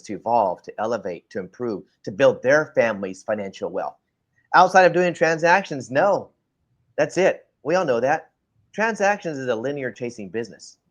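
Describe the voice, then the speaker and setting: A man's voice: medium pitch, lo-fi sound. A man co-hosting a casual talk show, ranting bluntly and lecturing the listener directly. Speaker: podcast co-host.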